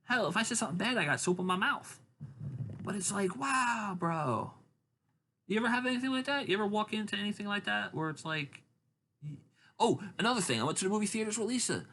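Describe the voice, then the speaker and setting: A man telling long rambling stories in casual chat, acting out other people's lines in high voices. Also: quick pace, pushed and bright, slight background noise. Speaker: podcast host.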